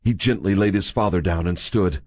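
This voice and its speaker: Deep husky male audiobook narrator. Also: no room sound. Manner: measured, steady storytelling. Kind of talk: scripted narration.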